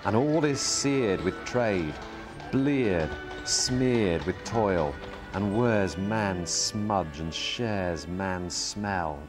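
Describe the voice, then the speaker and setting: Man, slow dramatic poetry reading, lowish voice, music underneath. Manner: slow and measured, leaning on each stress. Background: soft music.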